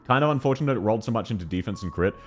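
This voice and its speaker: Excitable, giggly male game streamer. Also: on the low side, rapid-fire. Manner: excitable, giggly, reacts to chat messages. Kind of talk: live-stream chat with viewers.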